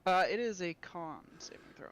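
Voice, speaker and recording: Male tabletop player with a high voice, playful and easygoing. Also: moderate pace, a bit bright, clear, resonant tone. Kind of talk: casual tabletop play.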